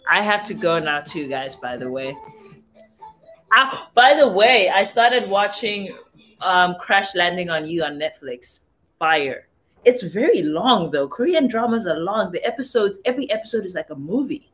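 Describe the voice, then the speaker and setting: A woman's voice: medium pitch, expressive, measured pace, a bit bright, faint music behind. A young woman from Southern Africa hosting a casual livestream, chatting with viewers, reading their comments aloud and trying out phrases from other languages. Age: young adult. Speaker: livestream host.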